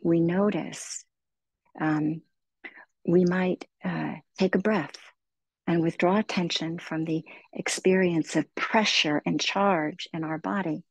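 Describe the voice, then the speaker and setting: Gravelly-voiced woman guiding meditation. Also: deep voice, no echo, rough recording. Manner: slow, soothing, gently encouraging. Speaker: meditation teacher. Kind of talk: guided meditation talk.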